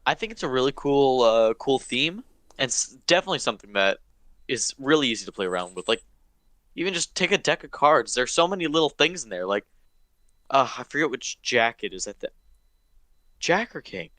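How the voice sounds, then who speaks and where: A man's voice: mid-range voice, very animated, fairly quick, a bit bright, no echo. A man co-hosting a casual podcast chat, joking in a dry, playful way. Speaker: podcast co-host.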